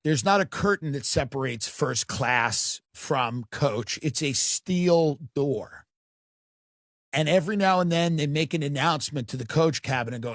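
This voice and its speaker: A man's voice: on the high side, normal speed, no echo, studio quality. A man delivering a rambling, satirical comedic monologue about politics. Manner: rambling, satirical, slips into mocking voices.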